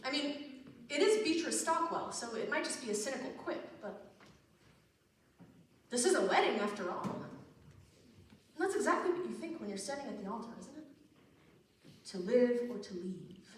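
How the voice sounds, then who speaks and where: A woman's voice: fairly high pitch, sing-song, moderate pace, long pauses. A woman playing a wistful, middle-aged male musical fan who talks straight to the audience, confiding and rambling, recorded from far off in an echoey theater. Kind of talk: stage monologue.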